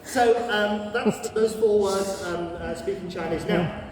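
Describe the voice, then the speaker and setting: A high-voiced man leads a playful, unhurried Cantonese greetings lesson for children and their families, exaggerating the tones in a teacherly way. The large gallery hall is packed with listeners, and the distant recording picks up lots of echo.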